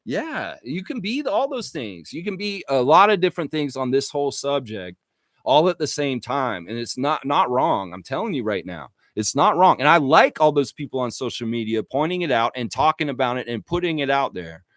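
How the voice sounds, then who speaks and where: A man's voice: medium pitch, moderate pace, no room sound. Fired-up sweary guy ranting on a livestream, voice jumping all over, dry close sound. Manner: profane, excitable, reads chat aloud. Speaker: live-stream host. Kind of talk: casual live-stream rant.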